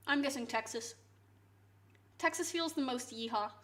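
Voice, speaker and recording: High-voiced playful woman streamer. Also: moderate pace, a bit bright. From Canada. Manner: playful, teasing and chatty. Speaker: live streamer. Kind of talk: casual chat with viewers while cooking.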